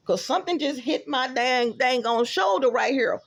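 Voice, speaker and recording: Texan woman, casual phone vlogger, animated and chatty, gravelly edge, dry close sound. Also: sits high, normal speed, no room sound. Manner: animated, excitable, talks to viewers as y'all. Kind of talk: rambling casual vlog. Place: apartment and stairwell, indoors. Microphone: phone camera held close.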